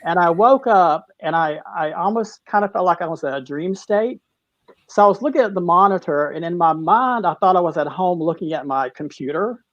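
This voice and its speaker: Halting middle-aged man telling his story. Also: high voice, expressive, fairly bright tone, no echo, highs cut off. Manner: halting, with many restarts, tearful at moments. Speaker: guest, cancer survivor. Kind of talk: emotional personal story in a talk-show interview.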